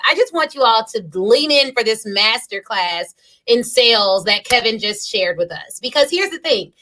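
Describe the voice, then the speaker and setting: A woman's voice: a little high, sharp tone, low-quality recording. A woman hosting a podcast interview, speaking emphatically in a coaching tone. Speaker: podcast host.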